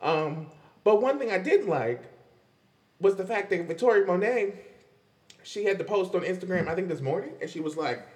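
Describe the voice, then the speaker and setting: A man hosting a podcast, chatting in a loose, animated way about pop music, with lots of fillers and frequent laughs. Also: high-pitched, moderate pace, big-room sound. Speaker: podcast host. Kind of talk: casual pop-culture commentary.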